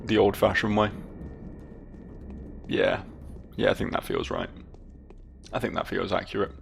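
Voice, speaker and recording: A man's voice: on the low side, sing-song, unhurried, vocal fry, faint music behind. A British man commenting on gameplay as a let's play host, with musing, wry asides.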